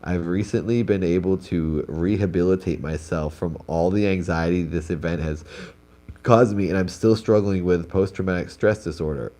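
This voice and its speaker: A man's voice: deep voice, fairly even intonation, moderate pace, warm tone. A young man, sounding congested, reads stories aloud on a live stream as host and breaks off for casual comments. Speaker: host reading viewer stories.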